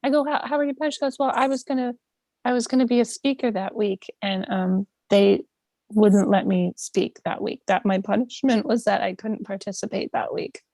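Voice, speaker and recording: A podcast co-host in a relaxed chat, she narrates stories animatedly and acts out whoever she's quoting. Her pitch is medium, her pace moderate, and there is no room sound.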